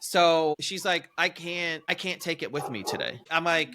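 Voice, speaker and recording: A man, a podcast co-host telling a wild story in animated, profane, incredulous casual chat. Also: a little high, moderate pace, a little hiss or hum.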